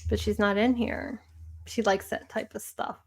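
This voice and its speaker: A woman's voice: mid-range voice, flat delivery, moderate pace, creaky. A woman with a Chicago accent hosting a casual livestream chat, rambling and chatty with lots of fillers. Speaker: livestream host.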